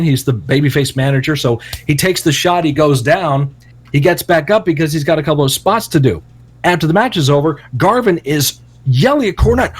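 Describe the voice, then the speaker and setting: A man co-hosting a podcast, telling a long story in a casual, profane and animated way. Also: on the high side. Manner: animated, profane, acts out quotes loudly. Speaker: podcast co-host.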